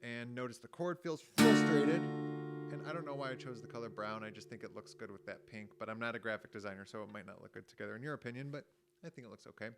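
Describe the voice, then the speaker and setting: Male music teacher, gentle and playful, acts out emotions for kids; guitar chords heard under the voice. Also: fairly low pitch, quick pace, creaky. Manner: gentle, acts out each emotion with exaggerated sighs and groans; chatty asides, thinks aloud. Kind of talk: children's lesson with guitar. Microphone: home recording mic.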